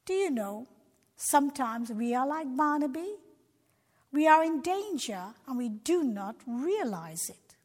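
A woman's voice: sits high, darkish tone. A woman narrating a Christian children's story expressively, talking directly to young listeners. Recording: long reverb.

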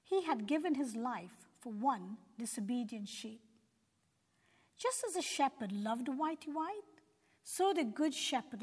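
A woman narrating a children's Bible story in an earnest, gentle preaching tone. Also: sits high, husky. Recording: long hall reverb.

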